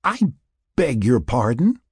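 A man's voice: sing-song, extremely slow, slightly rough, no room sound, clean studio sound, exaggerated voice. A man voicing a tipsy, giggling young woman who slurs and teases. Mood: tipsy teasing. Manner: slurred, teasing, high put-on voice.

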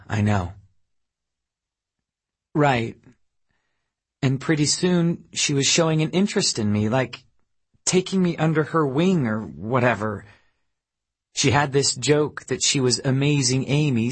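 A wary, bitter woman from Memphis with a husky, breathy edge, as a male narrator puts her on. She talks slowly and confidingly, and turns sharp and snappish when her family interrupts. Heard in an audiobook reading. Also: mid-range voice, voice pushed up. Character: guarded, bitter woman, a mother of young kids.

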